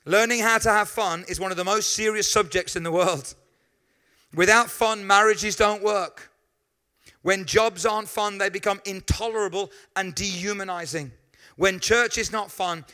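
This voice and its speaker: A pastor delivers a sermon to his congregation, telling lively stories and tossing in quick asides to them. For a man, his voice sits high, with a bright, forward ring.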